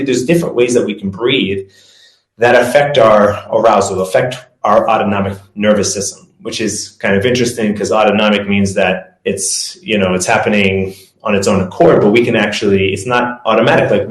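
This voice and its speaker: A man's voice: on the low side, steady tone, brisk. A man giving a casual presentation as a performance coach, talking loosely with self-corrections and leading breathing exercises. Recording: echoey room.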